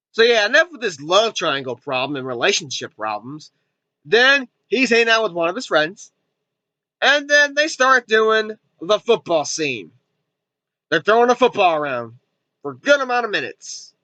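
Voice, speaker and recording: A man retells a film in a loose, rambling way, with his sentences strung together by fillers. His voice sits fairly high and sounds bright and sharp. The recording is dry and dull, like lo-fi home audio. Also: sing-song, measured pace, long pauses, no room sound. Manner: rambling, heavy on fillers like "and everything". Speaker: movie reviewer. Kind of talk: casual rambling recap.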